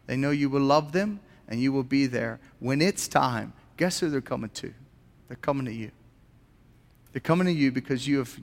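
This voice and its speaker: A man's voice: medium pitch, creaky, long reverb tail. A man preaching a sermon as a pastor, earnest and posing rhetorical questions to his congregation in a church.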